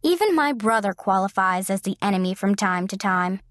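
A sweet-natured middle-aged widow and mother, gentle and teasing, as a woman narrator puts her on. Her voice sits in a middle pitch. The audiobook sound is close and dry. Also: expressive, normal speed, no echo, lightly acted.

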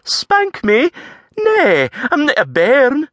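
A man's voice: very high voice, wildly swooping pitch, slow, fairly bright tone, dry recording, voice pushed up, heavily acted. A man putting on a prickly young Scottish woman. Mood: indignant. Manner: prickly, critical, wary. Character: sharp-tongued young Scottish woman weaver.

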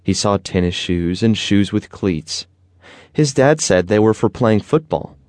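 Man narrating a kids' audiobook, lowish and lively, dry close read. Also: a little slow, dry recording. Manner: expressive, storytelling.

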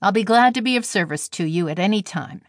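A woman's voice: medium pitch, animated, fast talker, no room sound, clean studio sound, natural voice. A woman reading the part of a kindly young male railroad engineer, cheerful and slangy. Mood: breezy.

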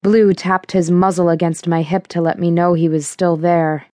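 A woman narrating a thriller audiobook in the first person, with a measured, even delivery. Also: on the low side, dry recording, studio quality.

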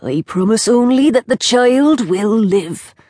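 A woman voicing a hoarse old witch who speaks slowly in riddles, with a breathy, whispered edge, for an audiobook. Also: a little high, lively intonation, darkish tone, no room sound, clean studio sound, voice pushed up. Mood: cryptic. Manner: slow, riddling, snapping. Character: hoarse old female witch, cryptic and eager. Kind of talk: audiobook character voice.

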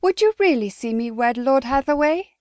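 Vrouw als opstandige jonge edelvrouw, fel, nadrukkelijk, hoge stem. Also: female voice, high-pitched, lively intonation, moderate pace, a little mellow, no echo, studio quality, pitched above the performer's own voice. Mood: defiant. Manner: indignant, emphatic. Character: defiant young noblewoman, eldest sister, fiery. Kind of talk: audiobook character voice.

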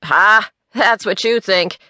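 A woman's voice: medium pitch, slow pace, dry recording. A woman voicing a blunt, outspoken middle-aged man who teases sharply. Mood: needling. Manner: teasing and sharp.

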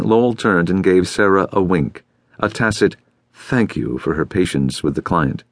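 A man narrating an audiobook in a steady, even way, recorded close in a studio. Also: sits low, dry recording. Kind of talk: scripted narration.

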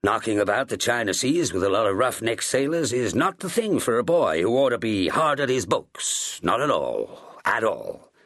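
A man's voice: lowish voice, very animated, normal speed, hardly any pauses, fairly bright tone, dry recording, clean studio sound, voice pushed up, full character voice. A man voicing a firm, earnest middle-aged ship's master speaking as a fatherly uncle.

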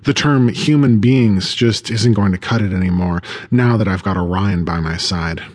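Lower-pitched man narrating an audiobook. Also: moderate pace, a little mellow. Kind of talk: scripted first-person narration.

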